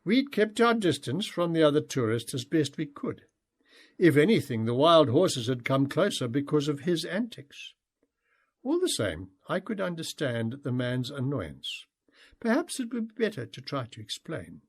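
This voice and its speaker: A man narrating his own memoir as an audiobook, in a heartfelt, expressive way. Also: mid-range voice, normal speed.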